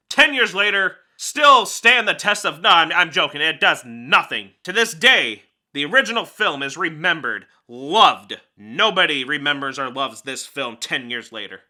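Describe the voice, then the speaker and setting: A man delivers a comedic film review in a voice of sharp, piercing brightness. His talk is sarcastic and grumbling, laced with self-pitying jokes. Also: fairly high pitch. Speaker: film reviewer hosting a show.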